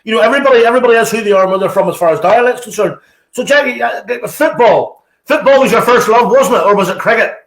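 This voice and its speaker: A man with a Northern Irish accent chats with his guest in an easygoing interview. His voice is high for a man. It rings out in a roomy, echoey space. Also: fast, a bit bright. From Ballymena, Northern Ireland. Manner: chatty, filling talk with "you know". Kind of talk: casual chat interview.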